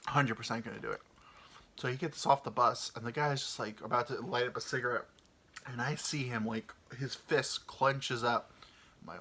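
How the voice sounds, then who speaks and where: A man's voice: medium pitch, fairly even intonation, moderate pace, sharp tone. A man hosting a podcast, telling a comic story in a rambling, profane way with lots of fillers. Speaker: podcast host. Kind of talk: casual comedic storytelling.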